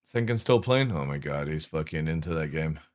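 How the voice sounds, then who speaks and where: Animated, swearing man ranting on stream. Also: a bass voice, normal speed. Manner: animated, swearing often, exasperated. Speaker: game streamer. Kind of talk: profane casual rant while streaming.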